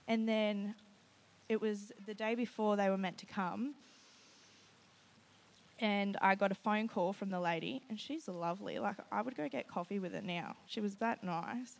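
Woman, church testimony speaker, animated, self-quoting storyteller. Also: medium pitch, normal speed, gravelly. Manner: animated storytelling, often quoting herself with "I was like"; nervous and laughing at times. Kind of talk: personal testimony to a live group.

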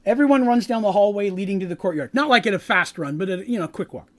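Brief: high-pitched male game master, chatty and meandering. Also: animated, fast. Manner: rambling, many fillers and asides. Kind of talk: recapping a tabletop game.

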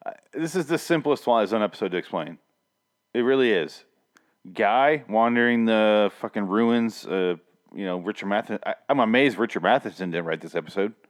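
A man's voice: lowish voice, expressive, brisk. Rambling, foul-mouthed man chatting casually. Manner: rambling, profane and jokey. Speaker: podcast host. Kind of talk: casual chat.

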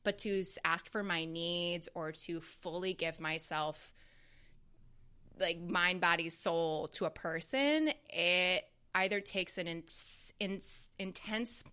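A woman in candid conversation, talking reflectively and expressively in quick bursts. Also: lowish voice, pushed and bright, clean tone.

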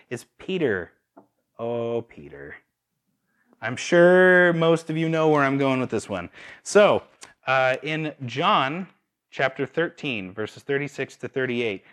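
Animated male preacher with lively pitch. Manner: animated, asks the audience rhetorical questions. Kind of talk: sermon.

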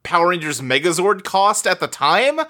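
A man in a casual movie chat, animated, reading out facts he looks up. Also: high-pitched, normal speed.

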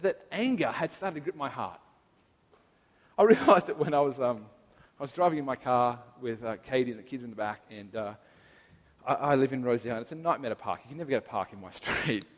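A man in his thirties, a pastor, giving a sermon in an earnest, personal, reflective way. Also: fairly high pitch. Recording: long reverb of a large hall.

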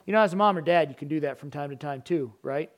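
A middle-aged man preaching a sermon, animated, acting out parents and children in raised voices. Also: on the high side, quick pace. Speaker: pastor.

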